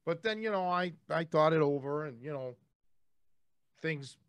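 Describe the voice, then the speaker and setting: A man's voice: on the high side, lively intonation, a little slow, clear, resonant tone, dry recording. A man hosting a podcast, telling stories casually in a blunt way and swearing freely. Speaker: podcast host.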